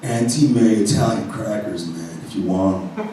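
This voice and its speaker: A slow, drawling stoner clerk, mellow and unbothered, put on by a man whose voice drops low for the part. It is heard from a distant mic in a roomy, echoey space. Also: natural voice. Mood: mellow warning. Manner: drawling, laid-back.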